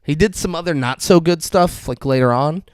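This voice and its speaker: A man co-hosting a podcast, casually recapping a TV episode with animated, profane retellings and frequent laughs. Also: on the high side, moderate pace, clean tone, dry recording, clean studio sound. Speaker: podcast co-host.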